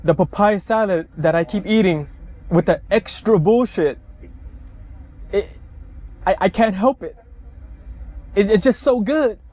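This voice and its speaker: A man's voice: sits high, unhurried, pauses often, darkish tone. A man voicing a tearful, groveling male pageant official in a whiny, mocking apology.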